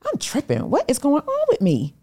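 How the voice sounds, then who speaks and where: A middle-aged woman, a guest on a podcast, tells a personal story with animation, acting out the voices of the people she quotes. Her high, mellow voice swoops wildly in pitch and moves a little fast, in the manner of a storytelling interview.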